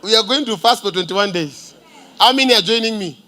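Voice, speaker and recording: A man's voice: high-pitched, brisk, pushed and bright. A man with a Kenyan accent preaching a prophetic sermon in church, commanding and decreeing, with Swahili asides. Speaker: pastor. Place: church service.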